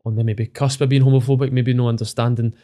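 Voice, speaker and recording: A footballer from Scotland, in his thirties, appears as a podcast interview guest and speaks candidly and emotionally, cursing often in his Scottish accent. He talks fast in a dark, medium-pitched voice with a level tone.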